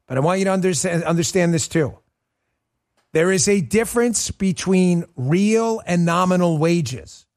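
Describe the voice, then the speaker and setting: A male political talk host delivers a livestreamed commentary in a high, lively voice. His tone is emphatic and sarcastic, swinging widely as he rants. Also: unhurried.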